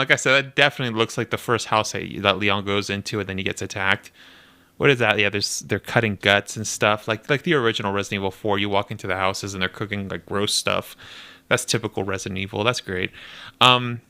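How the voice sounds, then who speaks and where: A young man casually commenting on a game trailer, animated and nitpicky, laughing often as he talks. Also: lowish voice. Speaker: video reactor.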